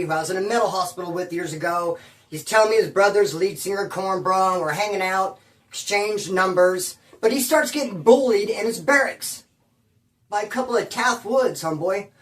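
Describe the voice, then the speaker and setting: A man's voice: high voice, fairly bright tone, far from the mic. A man from California casually telling a prison story in rambling, slang-heavy talk. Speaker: former inmate telling prison stories.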